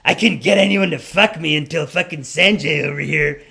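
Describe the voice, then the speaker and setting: A man doing a raspy, brassy older woman. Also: a little high, moderate pace, sharp tone, heavily acted. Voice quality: raspy smoker's voice. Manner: brassy, bold, flirting. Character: older tattooed woman, brash and loud.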